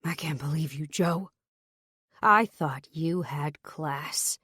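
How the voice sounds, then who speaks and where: A woman voicing a furious, protective older brother in an audiobook, speaking low and slow through clenched anger. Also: bright, forceful tone, slightly rough, no echo, studio quality, heavily acted. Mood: angry.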